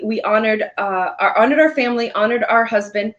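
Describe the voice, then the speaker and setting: A woman's voice: fairly high pitch, brisk, fairly bright tone. Chatty woman hosting a live stream. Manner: chatty, upbeat, many fillers. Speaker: host. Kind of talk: casual live-stream chat.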